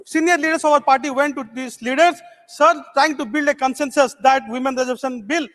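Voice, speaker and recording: A man's voice: very high-pitched, a little fast, a bit bright. A man from Odisha, giving a formal speech as a member of parliament and starting nearly every phrase with "sir". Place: large legislative chamber. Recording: long reverb of a large chamber.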